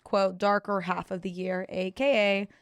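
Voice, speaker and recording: A young woman, co-hosting a podcast with quick, playful remarks in casual chat. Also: medium pitch, flat delivery, smooth, no room sound. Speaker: podcast co-host.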